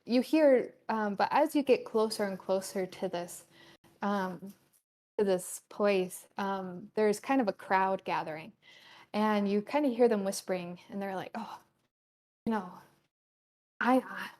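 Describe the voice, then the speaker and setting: A woman narrating a tabletop game as game master, describing scenes in a halting way with many pauses. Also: mid-range voice, darkish tone.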